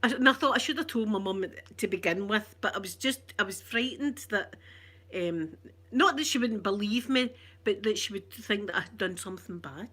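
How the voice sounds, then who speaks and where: A woman's voice: medium pitch, normal speed. Chatty Scottish woman telling stories. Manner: chatty, animated, often laughing. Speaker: ASMR storyteller. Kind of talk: ASMR storytelling.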